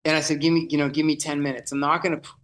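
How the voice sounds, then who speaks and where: A man telling a vivid, excitable story in podcast chat, often restarting his sentences. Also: fairly high pitch, very fast, poor audio. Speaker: festival producer guest.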